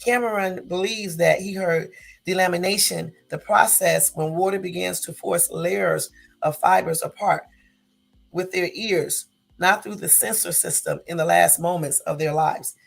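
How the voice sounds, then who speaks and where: A woman with a gravelly morning voice, casually reading news aloud and commenting, correcting herself as she goes. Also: fairly low pitch, measured pace. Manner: reads aloud with self-corrections and asides.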